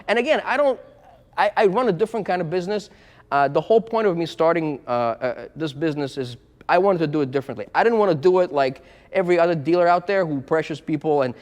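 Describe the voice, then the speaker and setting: Fast-talking blunt car dealer man. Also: fairly high pitch, animated, long reverb tail. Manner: blunt, frank, repeats himself. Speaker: used car dealer and business owner. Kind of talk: casual talking-to-camera vlog.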